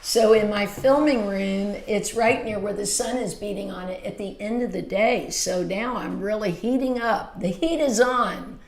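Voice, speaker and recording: A woman's voice: mid-range voice, unhurried, few pauses, roomy sound. A woman in her fifties hosting a casual beauty livestream from a small home filming room, gushing and chatty as she reads viewer comments. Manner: warm, gushing and chatty, with frequent exclamations.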